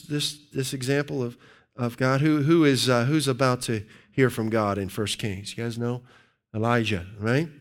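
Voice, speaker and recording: A male preacher delivering a sermon to his congregation. His voice is smooth and resonant, fairly high for a man, and he takes his time. He booms out scripture, then drops to low, quiet asides and questions. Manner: swings from loud emphatic scripture reading to low quiet asides.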